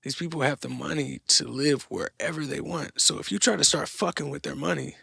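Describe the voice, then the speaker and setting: A man's voice: fairly high pitch, a little fast, vocal fry, pushed and bright, breathy edge, no echo, studio quality. A young man hosting a podcast, ranting bluntly with lots of profanity and mockery. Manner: blunt, profane, mocking rants. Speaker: podcast host. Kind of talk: opinionated solo monologue.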